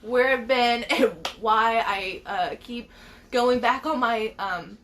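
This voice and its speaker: A woman's voice: on the high side, slow pace, a bit bright. A young woman vlogging to her followers about her pregnancy, emotional and rambling, with many restarts and laughs. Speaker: beauty vlogger. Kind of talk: casual vlog to followers.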